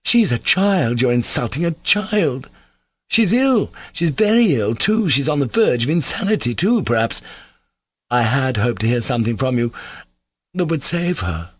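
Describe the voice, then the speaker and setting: A man voicing a timid, warm-hearted young man in an audiobook, speaking softly and earnestly. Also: mid-range voice, sing-song, moderate pace, no echo, voice pushed up. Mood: pleading. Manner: soft, pleading, earnest delivery. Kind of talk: audiobook character voice.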